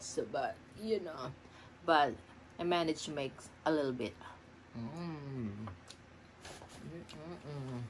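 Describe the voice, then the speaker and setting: A woman's voice: lowish voice, a little hiss or hum. A middle-aged woman eating on camera at home, murmuring between bites and gushing about her food. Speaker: food vlogger. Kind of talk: mukbang eating vlog. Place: home kitchen.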